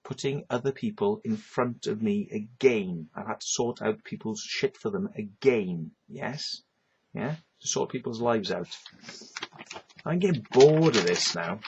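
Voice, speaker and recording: A man's voice: on the low side, expressive, measured pace, a little mellow, slightly rough, highs cut off. A man, ranting at the camera in an agitated, repetitive monologue that is full of swearing, tagging his lines with "right?". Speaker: vlogger.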